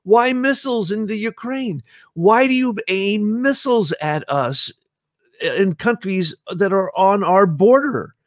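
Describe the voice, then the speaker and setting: A man's voice: sits high, lively intonation, a little slow, no room sound, clean studio sound, voice pushed up. A man voicing an aggrieved Russian male head of state in a put-on Russian accent, pleading with repeated questions.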